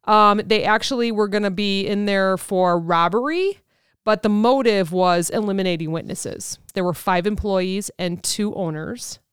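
Chatty woman with a crisp, dry voice. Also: mid-range voice, a little slow, no echo. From Illinois, US. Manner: chatty, rambling storyteller with many fillers. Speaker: podcast co-host. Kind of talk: casual chat.

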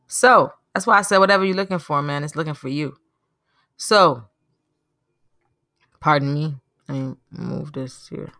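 Earnest woman with a lower voice. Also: no room sound, clean studio sound. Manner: earnest, preachy, animated storytelling. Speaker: podcast host. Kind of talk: motivational monologue.

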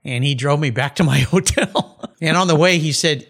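An upbeat male podcast host from Southern California with a fairly high voice. He talks in an animated, conversational way, mixing questions with his own stories. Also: fairly quick, gravelly, few pauses. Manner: upbeat, animated, reads a sponsor spot.

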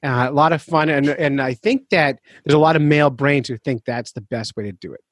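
A man's voice: mid-range voice, brisk, no echo. A middle-aged man hosting a podcast, explaining facts in casual chat and breaking into jokes and laughter. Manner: jokey, explains facts then riffs, laughs often. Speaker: podcast host.

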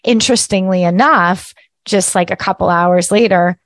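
A woman's voice: lowish voice, moderate pace, dry recording. Chatty woman spiritual teacher, dry sound. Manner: chatty, often ends with "right?"; lively, laughs at herself. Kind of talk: casual teaching monologue.

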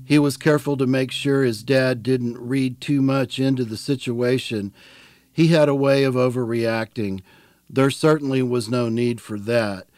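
A man narrating an audiobook in a plain, measured storytelling manner. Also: mid-range voice, fairly even intonation, a little mellow, no room sound. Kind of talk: scripted narration.

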